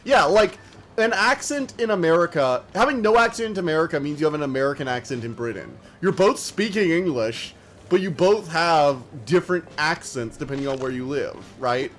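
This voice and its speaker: Fast-talking, slightly high-voiced male streamer. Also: lively intonation. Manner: talks fast and slurs words together; chatty and rambling, many fillers. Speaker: game streamer. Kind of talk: casual live-stream chat while gaming.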